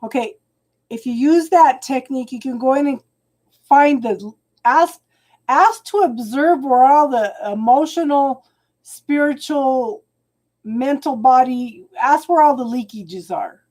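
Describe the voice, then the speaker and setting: A woman reads tarot cards live for her online viewers and talks straight to them. Her voice sits a little high but sounds soft and mellow. She stops and restarts her phrases a lot and calls people hun. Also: measured pace. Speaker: tarot reader. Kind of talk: live-stream tarot reading, talking to viewers.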